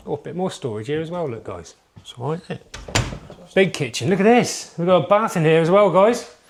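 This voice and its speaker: A man's voice: fairly high pitch, expressive, a little fast, background noise. A man giving an upbeat sales walkthrough of a holiday lodge, moving from room to room and talking to viewers. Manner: upbeat sales patter, keeps addressing viewers. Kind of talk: enthusiastic property walkthrough.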